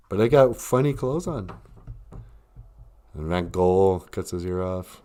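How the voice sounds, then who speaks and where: A man's voice: mid-range voice, a little slow, pauses often, a little mellow. A man with a Minnesota accent, hosting a live stream in a casual, joking monologue, mocking people with put-on voices.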